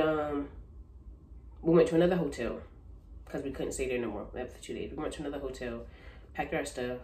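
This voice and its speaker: Low-voiced woman vlogger, animated storytime delivery with casual slang, echoey room. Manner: animated, talks straight to viewers, slangy. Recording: roomy echo.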